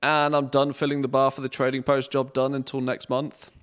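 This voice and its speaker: A man streaming a game, chatting casually and thinking aloud in a relaxed, rambling way. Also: mid-range voice, a little fast, smooth. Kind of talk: casual live-stream commentary.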